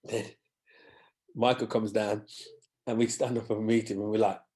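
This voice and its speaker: Low-voiced man telling stories. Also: normal speed. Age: 50s. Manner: animated anecdotes, acting out others' voices. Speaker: guest musician. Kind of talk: storytelling in a podcast interview.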